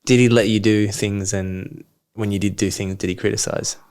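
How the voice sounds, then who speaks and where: A man with a fairly low voice speaks in a reflective coaching conversation. He asks probing questions and then lays out his points in a calm, explaining way. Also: moderate pace, smooth. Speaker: coach, podcast guest.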